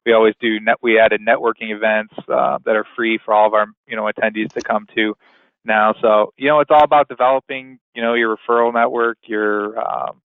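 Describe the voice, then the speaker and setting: A man hosting a webinar in a casual, rambling way, filling pauses with "you know". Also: fairly low pitch, fairly even intonation, no room sound. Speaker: webinar host. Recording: tinny phone-line sound, dry.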